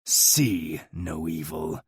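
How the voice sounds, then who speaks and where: A man voicing a menacing cloaked broadcaster in an audiobook, speaking in a creepy, slow, low voice. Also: gravelly, husky, no room sound, studio quality, full character voice. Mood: ominous. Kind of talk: audiobook narration.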